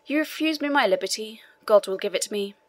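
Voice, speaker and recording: A woman's voice: mid-range voice, animated, a little fast, fairly bright tone, no echo, lightly acted. A woman reading a pleading imprisoned old priest.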